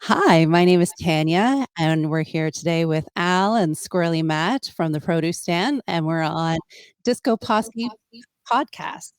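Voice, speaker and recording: A woman's voice: on the low side, unhurried, clean tone, no room sound. A woman guesting on a podcast, talking casually and hesitantly with many fillers and easy laughs.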